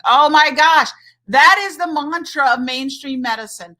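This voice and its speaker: A woman doctor and hormone coach from the United States, talking casually on a livestream in an animated, indignant way and reading viewer comments aloud. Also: high-pitched, a little slow.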